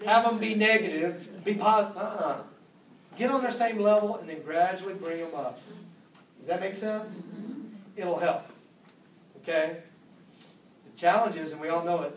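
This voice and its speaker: Animated high-voiced man at a seminar. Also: a little hiss or hum. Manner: animated, acts out quotes with big pitch jumps. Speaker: speaker at a business seminar. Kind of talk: motivational seminar talk. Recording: echoey room, voice from far off.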